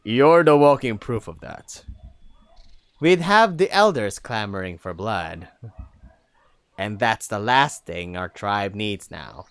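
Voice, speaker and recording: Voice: medium pitch, lively intonation, slow, clean tone, dry recording, clean studio sound, pitched below the performer's own voice. A reader voicing a grave she-wolf tribeswoman. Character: stern, wary female wolf tribeswoman. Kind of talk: audiobook reading of a furry fantasy story.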